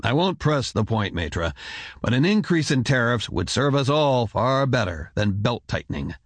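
A man's voice: medium pitch, sing-song, normal speed, no room sound. A man voicing a stern, demanding ruler who speaks curtly and coldly. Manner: curt, commanding.

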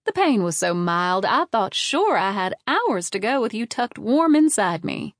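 A woman voicing a doting mother with a sing-song voice, theatrically telling a family story with drawn-out pauses. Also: mid-range voice, big pitch swings, dry recording, clean studio sound. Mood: fond, dramatic.

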